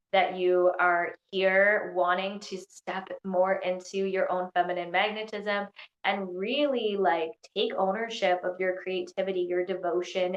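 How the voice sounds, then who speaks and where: A woman coaching a live online workshop, bubbly and excitable, with words tumbling out around constant "like"s. Her phone picks her up in a roomy, echoey space, and the sound is a little dull and muffled. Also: fairly low pitch. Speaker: coach leading an online training. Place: indoors in Scotland during a storm.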